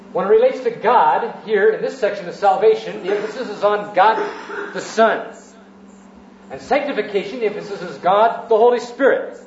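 Male preacher, high-pitched, methodical sermon delivery; roomy church recording, a bit dull and hissy. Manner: structured teaching, repeats phrases for emphasis.

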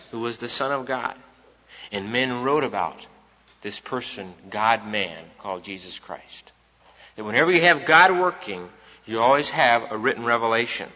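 A man's voice: mid-range voice, sharp tone. A man preaching an evening sermon, emphatic and repeating his key points for the congregation. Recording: dull recording in a reverberant hall.

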